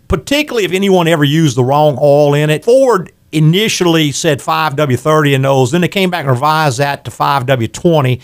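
Older man, radio host, garage owner, patient explainer, easy laugh, slightly high voice. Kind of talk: call-in radio talk.

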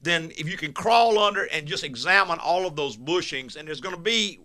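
A man's voice: a little high, expressive, normal speed, sharp tone. A man hosting a call-in car repair radio show, giving plain step-by-step advice to callers. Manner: plainspoken, practical, explains step by step.

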